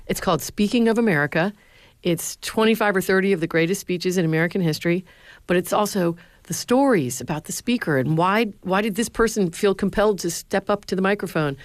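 A middle-aged woman who was a speechwriter and now lectures, answering interview questions with earnest stories and lively quotes. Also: mid-range voice, a little fast, no echo. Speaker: former speechwriter, university lecturer.

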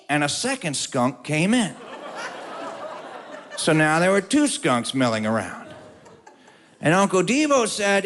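A man telling a funny story to an audience, with wry, drawn-out comic timing. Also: sits high, big pitch swings, fairly bright tone.

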